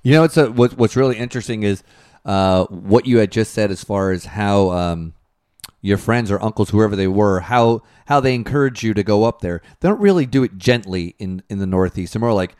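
A man's voice: on the low side, a little fast, a little mellow, dry recording, studio quality. A man hosting an online radio interview, chatting casually and riffing along with his guest. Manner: conversational, riffs along with the guest. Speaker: show host.

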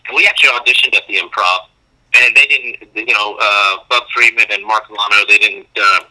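In a low-quality recording, a man with a lowish, fairly fast voice tells stories as a comedian guest in a casual interview. He's animated, acting out old conversations in a raised voice.

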